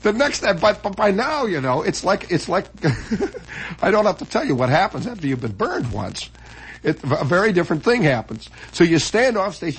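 A man telling a comic stage story, swinging from hushed asides to loud mock performance. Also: high voice, big pitch swings, moderate pace, breathy edge, low-quality recording.

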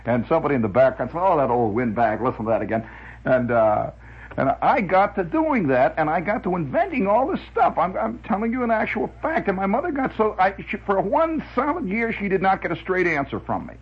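A man spinning a rambling radio monologue, chuckling and filling gaps with "uh"s. His husky voice rises and falls a lot in pitch. The sound is dull, like an old lo-fi radio recording. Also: fairly quick. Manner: lively, chuckling, full of filler "uh"s.

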